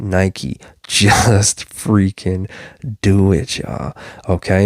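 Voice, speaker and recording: A man giving an energetic, repetitive motivational talk, calling his listeners y'all. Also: lowish voice, creaky, no echo, studio quality. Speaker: motivational speaker.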